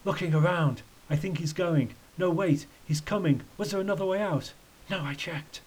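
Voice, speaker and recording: A man voicing a brave, quick-thinking boy who speaks urgently in a storybook reading. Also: fairly high pitch, a little mellow, slightly rough, pitched above the performer's own voice.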